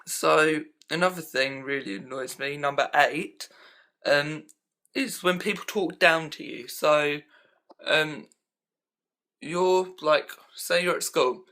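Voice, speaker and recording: A young vlogger, recording himself at home on a handheld camera, rambles through his pet peeves with constant "um" and "like." He takes it slowly, and his slightly high voice sounds pushed and bright.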